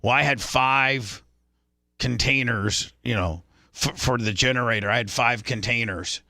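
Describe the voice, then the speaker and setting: Brief: man, radio host, bright forceful voice, dry close sound, rambling storyteller. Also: mid-range voice, measured pace, no room sound. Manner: rambling anecdote with restarts. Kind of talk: casual talk radio storytelling.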